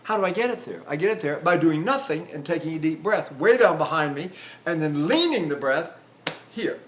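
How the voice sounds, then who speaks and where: A man's voice: on the high side, lively intonation, a little fast. An older male voice teacher giving a rambling lecture on vocal technique, breaking into demonstrations and sung vowels.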